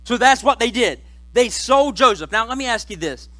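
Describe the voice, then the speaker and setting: A male pastor speaks in a high, bright voice. He preaches in church in a relaxed, joking, conversational way and keeps the story moving. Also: normal speed, poor audio. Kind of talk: sermon.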